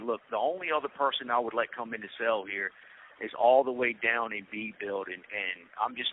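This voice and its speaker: A man hosting a podcast, casually telling a story in a laid-back, slangy way and acting out quoted dialogue, over a prison phone call. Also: fairly low pitch. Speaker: podcast host. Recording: tinny phone line with faint hiss.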